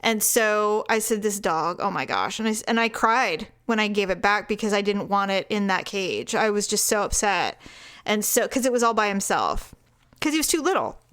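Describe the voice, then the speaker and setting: A woman co-hosting a podcast, telling a long story in casual chat, animated, swearing freely and laughing often. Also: medium pitch, normal speed, clean tone. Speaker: podcast co-host.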